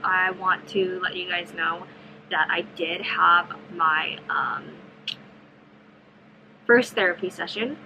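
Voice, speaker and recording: Soft, hesitant young woman vlogging at home. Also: mid-range voice, slight background noise, poor audio. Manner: soft-spoken, hesitant, many ums and restarts. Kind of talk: casual vlog chat. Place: home, sitting on the floor. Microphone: camera mic.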